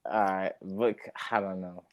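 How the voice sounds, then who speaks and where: A man's voice: deep voice, level tone, unhurried. A man co-hosting a sports podcast, teasing and laughing as he pushes back on the others' picks. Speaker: podcast co-host. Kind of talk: casual sports debate.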